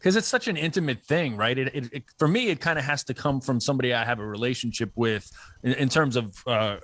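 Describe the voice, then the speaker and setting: A man from New York, a comedian guest on a radio show, chatting casually with halting restarts. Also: mid-range voice, a bit bright, no room sound. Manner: halting, repeats words when starting.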